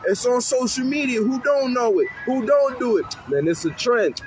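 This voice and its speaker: A youth worker talks on a city street corner in a high, animated voice, swearing freely and acting out the kids he works with. Faint traffic hums outdoors behind him. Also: moderate pace, low-quality recording. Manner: animated, profane, acts out kids' voices. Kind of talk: street interview talk.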